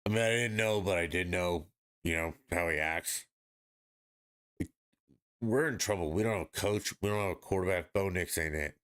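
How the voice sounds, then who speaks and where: A man's voice: sits low, normal speed, pauses often, a bit bright, clean tone. A man hosting a podcast, ranting bluntly and profanely in casual sports talk. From Denver area, United States. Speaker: podcast host.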